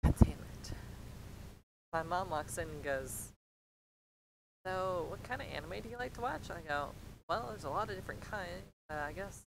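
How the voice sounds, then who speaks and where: A woman's voice: animated, normal speed, pauses often. A young woman telling a rambling, profane story in a casual vlog and acting out the quoted lines. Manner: rambling, heavy swearing, acts out quotes. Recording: clear low rumbling noise behind.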